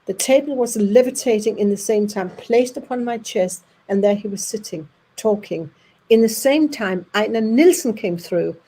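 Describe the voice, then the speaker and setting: Danish-accented woman telling lively anecdotes. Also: medium pitch, husky, low-quality recording. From Denmark. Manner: lively, acts out voices in her anecdotes, with halting restarts. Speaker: speaker at an audience evening. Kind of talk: anecdotal storytelling to an audience.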